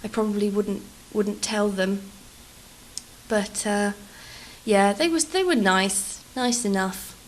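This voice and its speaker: A woman's voice: mid-range voice, slow pace, a little hiss or hum, poor audio. A British woman in her thirties telling rambling, self-deprecating stories in a casual game-build vlog. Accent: British English. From England. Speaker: vlogger.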